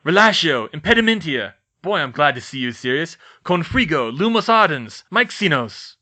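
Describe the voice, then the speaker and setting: A man voicing a teenage boy wizard who makes dry remarks between rapid spell shouts. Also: mid-range voice.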